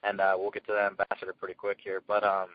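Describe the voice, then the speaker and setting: A man telling his success story as a guest speaker, energetic and earnest, in casual storytelling. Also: sits low, fast talker, dull audio. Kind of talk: motivational call talk.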